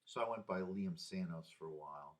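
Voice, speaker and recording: A man in his sixties talking through personal memories in a rambling, halting way, with sighs and restarts. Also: sits low. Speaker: vlogger. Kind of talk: casual personal monologue.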